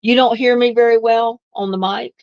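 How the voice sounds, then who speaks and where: A woman's voice: on the high side, fairly even intonation, moderate pace, no room sound, muffled recording. A woman hosts a casual live stream, chatting easily with viewers and laughing often. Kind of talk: casual live chat answering viewer comments.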